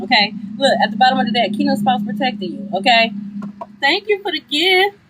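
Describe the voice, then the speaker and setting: A woman with a fairly high voice gives a live tarot reading on her phone while standing outdoors. She talks bluntly, swears freely and keeps repeating her points. Clear street noise runs under her voice. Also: expressive, brisk. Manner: blunt, profane, repetitive. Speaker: tarot reader. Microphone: phone livestream.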